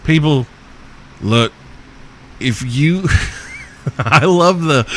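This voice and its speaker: A man's voice: on the high side, slow pace, pauses often. A man hosting a podcast, answering listener questions in a crude comedic rant, profane and joking with frequent chuckles. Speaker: podcast host.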